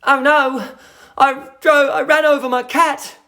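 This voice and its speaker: A shrill, flustered guy protesting loudly about his cat, as a man puts him on. The voice jumps far above his own and stays in a comic, indignant register. throughout. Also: normal speed, creaky. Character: flustered adult man who swears he ran over his cat.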